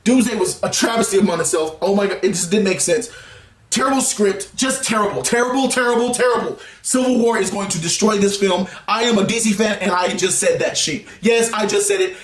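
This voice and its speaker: A man giving a heated, exasperated movie review rant, laughing often and bursting into shouts. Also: sits high, a little fast, hardly any pauses, echoey room, faint music behind. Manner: animated, exasperated ranting with frequent laughs and sudden shouts.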